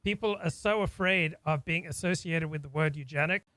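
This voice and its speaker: A man's voice: fairly high pitch, fairly quick, pushed and bright, dry recording, rough recording. A man from Australia hosting a talk, speaking in an earnest, reflective way and often repeating words as he thinks. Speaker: host. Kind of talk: casual discussion.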